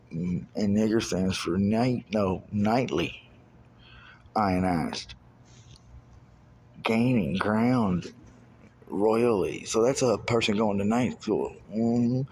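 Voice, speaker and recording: A man's voice: lowish voice, a little mellow, a little hiss or hum. A man in his thirties from Kentucky, talking in a rambling stream-of-consciousness monologue, swearing often and sliding into loose rhymes and wordplay. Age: 30s. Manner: profane, loose rhyming wordplay, jumping between ideas. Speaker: self-recorded monologue speaker.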